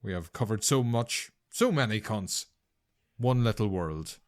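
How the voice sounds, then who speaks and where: A man's voice: lowish voice, expressive, a little slow. A man hosting a podcast in casual, jokey chat, swearing freely and laughing often. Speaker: podcast host.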